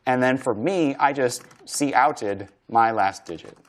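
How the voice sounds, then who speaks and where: A man's voice: medium pitch, a little slow. A man giving a university programming lecture, thinking aloud as he codes, casual and chatty with frequent fillers and restarts. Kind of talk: live-coding lecture.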